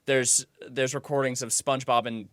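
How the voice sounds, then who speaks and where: A man co-hosting a podcast in casual comedic chat, telling stories in a relaxed way with dry asides. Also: mid-range voice, moderate pace, no echo. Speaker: podcast co-host.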